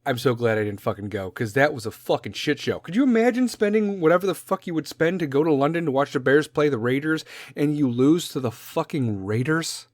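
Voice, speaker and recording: A man's voice: fairly high pitch, animated, fairly quick, dry recording, studio quality. A man in his forties with a Chicago accent, hosting a podcast in a profane, rambling, jokey rant. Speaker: podcast host. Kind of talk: casual rant.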